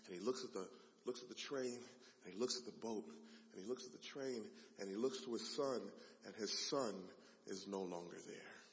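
Guy preaching a story, gets loud then goes quiet, echoey big hall. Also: lowish voice, normal speed. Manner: dramatic, swings from loud to hushed. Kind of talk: sermon storytelling. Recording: long hall reverb.

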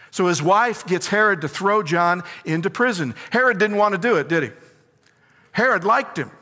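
A man preaching with a bright, forceful voice pitched somewhat high. He drives his points home by asking his listeners questions and answering them himself. The sound rings out with a long reverb, as in a church hall. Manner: emphatic, asks the congregation questions and answers them. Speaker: pastor. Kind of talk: sermon.

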